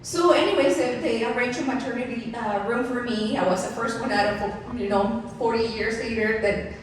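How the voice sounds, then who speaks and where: Animated woman telling her story in an echoey hall. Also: a little high, moderate pace, a little hiss or hum. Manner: candid, laughing often, animated asides to the audience. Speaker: keynote speaker. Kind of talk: personal storytelling speech. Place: large event venue. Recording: echoey hall mic from far off.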